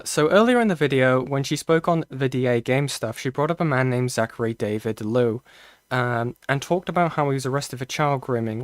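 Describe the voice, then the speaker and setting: This casual streamer talks his chat through whatever is on his screen, stalling, restarting, and leaning on "okay" as he thinks aloud. His voice sits at an ordinary middle pitch. He's recorded close on a desk mic, dry, with no room sound.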